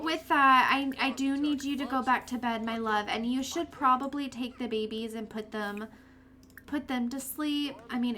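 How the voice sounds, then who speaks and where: A woman's voice: high-pitched, a bit bright. A young woman giving casual, chatty commentary while playing a life-simulation game, talking fondly to her characters as she goes. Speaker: let's play host.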